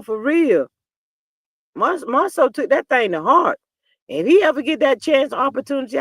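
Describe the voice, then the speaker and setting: This woman hosts a live stream as a reality TV commentator, talking back to viewer comments with plenty of sass and animation. Her delivery jumps from low muttering to sudden loud outbursts, captured in a dry, studio-quality recording.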